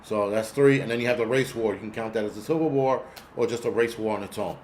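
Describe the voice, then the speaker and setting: Speaking fast in a lowish, slightly mellow voice, a host in his forties delivers a casual livestream rant. He's profane and rambling and talks back to his chat, with slight background noise present.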